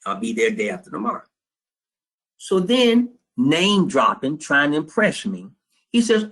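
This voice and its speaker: High-voiced streetwise man telling a story. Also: big pitch swings, unhurried, pauses often, fairly bright tone. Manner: streetwise, blunt, profane, quotes both sides of a phone call. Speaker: trading class instructor. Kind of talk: storytelling lecture to students.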